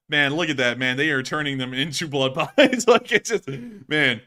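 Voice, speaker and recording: A man's voice: a little high, unhurried, bright, forceful tone. A man from the United States hosting casual war news commentary, chatty and laughing often.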